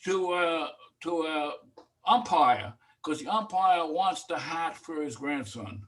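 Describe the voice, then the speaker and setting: A man's voice: on the high side, expressive, slow pace, fairly bright tone. A man telling an easygoing story on a video call. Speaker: meeting participant. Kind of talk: casual Zoom talk. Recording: distant video call mic.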